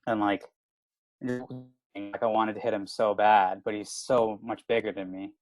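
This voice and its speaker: A man's voice: lowish voice, normal speed, low-quality recording. A man in his thirties from Canada, a comedian telling a rowdy story in casual podcast chat, swearing and saying "like" constantly. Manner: animated, swearing, lots of filler "like". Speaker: comedian guest.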